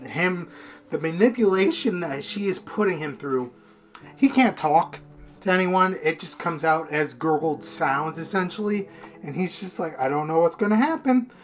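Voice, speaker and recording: A man's voice: on the high side, a little slow, fairly bright tone, soft background music. A man casually reviewing a manga in a rambling, profane, unfiltered way.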